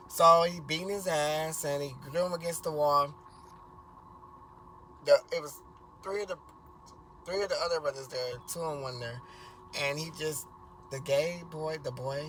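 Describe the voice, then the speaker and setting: A man's voice: a little high, bright, forceful tone, a little hiss or hum. A man casually telling a rambling family story for a vlog, repeating himself and swearing freely.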